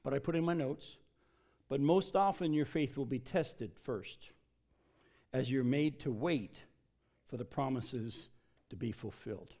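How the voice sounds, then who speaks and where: A man preaching a sermon, emphatic and animated, often acting out the people he quotes. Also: mid-range voice, measured pace, pauses often. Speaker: pastor.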